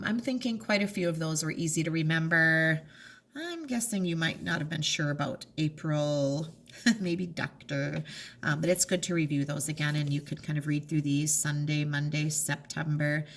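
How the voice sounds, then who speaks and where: A woman's voice: sits low, moderate pace. A middle-aged woman teacher giving a remote reading lesson to children, patient and spelling out letters one at a time.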